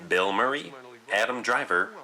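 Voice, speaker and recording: A man reading scripted entertainment news narration as a reporter, in a smooth, even newsreader delivery. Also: lowish voice, moderate pace, a crowd in the background. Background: film soundtrack music.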